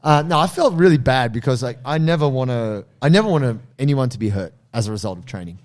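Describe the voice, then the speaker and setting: A man co-hosting a relaxed podcast chat. He tells stories with animated energy and jumps into his own reactions as he goes. His pitch sits in a middle range for a man. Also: quick pace. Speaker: podcast co-host and coach.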